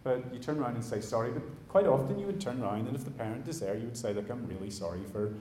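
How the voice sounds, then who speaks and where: A man delivers a sermon in a casual, conversational way, speaking straight to the people in front of him. His voice sits at a middling pitch and carries a roomy echo from the church hall. A faint ambient noise runs underneath. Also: lively intonation, rapid-fire, dark tone. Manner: conversational, addresses the congregation directly. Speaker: pastor.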